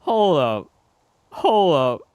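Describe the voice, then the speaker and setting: A man's voice: fairly high pitch, very animated, drawn-out words, darkish tone, clear, resonant tone, dry recording. A man chatting casually on a game stream, playful and laughing often.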